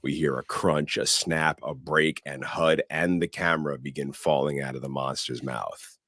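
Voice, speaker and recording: A man with an extremely deep voice tells the story of a film, co-hosting a casual podcast. He narrates in an animated way and drops in sound words for effect. His voice is recorded dry and close, with no room sound. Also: moderate pace, no room sound. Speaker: podcast co-host. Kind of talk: casual movie recap.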